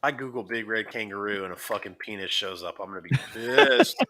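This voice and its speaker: A man's voice: on the low side, a little fast, crowd noise. A man co-hosting a casual chat, boastful and swearing freely. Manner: boastful, profane, animated.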